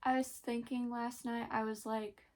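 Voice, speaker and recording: A young woman talking hesitantly in a personal confessional vlog, pausing often and searching for words. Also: on the high side, level tone. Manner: hesitant, halting, many pauses and fillers; emotional, soft-spoken. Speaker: vlogger.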